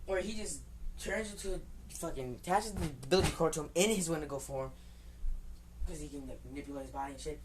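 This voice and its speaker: A woman with a notably deep voice tells an improvised fan story off the cuff. She rambles and restarts, swears freely, and bristles defiantly at anyone who dislikes her version. A faint hum sits under her voice. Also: fast. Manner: rambling, profane, frequent restarts; defiant outbursts at critics.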